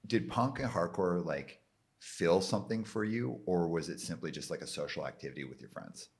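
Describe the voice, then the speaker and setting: A man from Canada hosting a podcast interview, telling an anecdote in an animated way and laughing along with his own story. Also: low voice, normal speed, gravelly. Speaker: podcast host. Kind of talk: casual interview chat.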